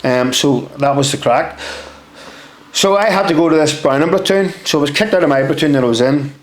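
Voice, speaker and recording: A young man, a podcast guest telling stories in casual chat, lively and swearing freely as he acts out what people said. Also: fairly high pitch, brisk. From Northern Ireland. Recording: roomy echo.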